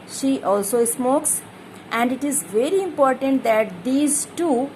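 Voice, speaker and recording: A woman teacher explains a play's scene very slowly, stopping to define each difficult word. Her voice sits fairly high and she often restates her points. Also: darkish tone, slight background noise, rough recording. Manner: explains hard words one by one, repeats herself. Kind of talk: explaining a play to students.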